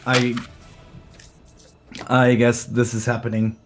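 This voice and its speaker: A man playing in a tabletop game session, talking casually and hesitantly, with many pauses and ums. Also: mid-range voice, completely flat delivery, noisy background. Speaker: player.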